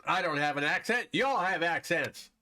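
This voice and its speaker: A man's voice: fairly high pitch, lively intonation, normal speed, bright, forceful tone. A man from Wisconsin hosting a live stream, chatting casually with viewers while commenting on a board game and laughing often.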